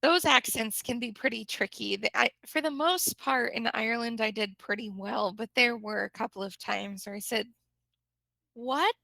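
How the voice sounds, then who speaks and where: A woman's voice: on the high side, moderate pace, vocal fry, hardly any pauses, sharp tone, dry recording, low-quality recording. An American woman, an English teacher, chatting animatedly in a casual conversation and laughing often.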